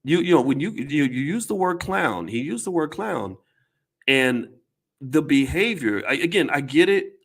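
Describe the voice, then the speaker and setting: A man's voice: fairly high pitch, very animated, moderate pace. A man giving casual commentary to his audience, blunt and emphatic, with some swearing, often repeating words and restarting his sentences.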